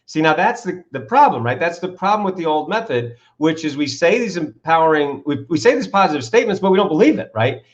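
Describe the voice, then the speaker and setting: A man's voice: fairly high pitch, fast talker, few pauses, muffled recording. A man, an author and coach, telling stories with enthusiasm in an interview, leaning on rhetorical questions. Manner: enthusiastic, builds to excited peaks, asks rhetorical questions. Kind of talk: animated interview storytelling.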